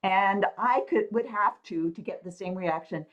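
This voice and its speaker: A woman physician on a video call panel, telling a story from her career in a reflective, measured way. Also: medium pitch, a bit bright, lo-fi sound.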